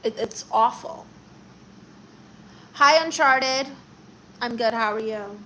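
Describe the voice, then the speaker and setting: A chatty woman hosts a casual live stream, reading out viewer comments and replying to each one. Her voice sits a little high. She talks loosely and conversationally. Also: little pitch movement, moderate pace, slight background noise, poor audio. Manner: chatty, reads viewer comments aloud and answers them. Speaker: livestream host.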